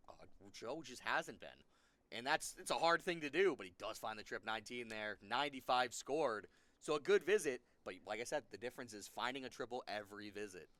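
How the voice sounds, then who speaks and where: A man's voice: medium pitch, a little fast, a bit bright, dry recording. A man giving live color commentary on a darts match, analytical and repeating points for emphasis.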